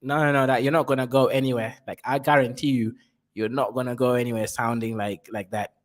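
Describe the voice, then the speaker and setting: A man reacting to a video in casual commentary, animated and jokey. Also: a little fast. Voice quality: animated and jokey, with swings in pitch. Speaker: reaction streamer.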